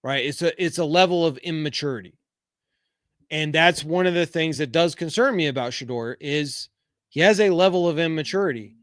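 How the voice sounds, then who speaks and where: A man's voice: fairly high pitch, normal speed, no room sound, studio quality. Frank middle-aged man hosting a podcast. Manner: reads viewer comments aloud, frank, rambling with fillers. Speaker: podcast host. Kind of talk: casual live-chat podcast.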